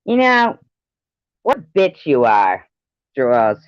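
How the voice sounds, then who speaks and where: A woman commenting over a video clip with slow, sarcastic and scornful remarks, on slightly dull audio. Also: extremely low pitch, wildly swooping pitch, clear, resonant tone, no room sound. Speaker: commentary channel host.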